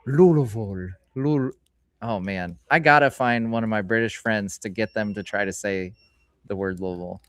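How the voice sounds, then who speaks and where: A man's voice: on the low side, a bit bright, clear, resonant tone, dry recording. Chatty man, dry close sound. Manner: chatty and rambling, reads card names aloud in a slowed voice. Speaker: streamer host. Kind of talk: casual live-stream chat while opening card packs. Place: hobby store, indoors.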